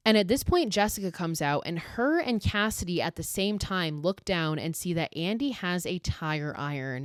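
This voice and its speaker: A woman's voice: fairly low pitch, clear, resonant tone, no room sound, clean studio sound. A woman podcast host casually retelling a horror film's plot, swearing freely, saying "like" constantly and acting out the characters' lines. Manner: profane, filler-heavy "like", acts out character lines. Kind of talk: casual horror film recap.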